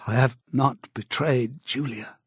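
Casting: a man playing a worn-down prisoner, husky and strained, audiobook. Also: medium pitch, fairly even intonation, takes it slowly, dry recording. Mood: broken. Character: broken, weary male prisoner. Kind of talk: audiobook character reading.

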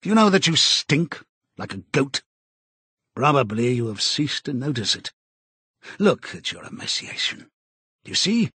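Casting: a man playing a cold, menacing interrogator with a husky voice, read dry and close. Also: mid-range voice, big pitch swings, bright, forceful tone, dry recording, heavily acted. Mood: taunting. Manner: cold, measured, contemptuous. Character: cold menacing male interrogator, middle-aged. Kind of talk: audiobook character reading.

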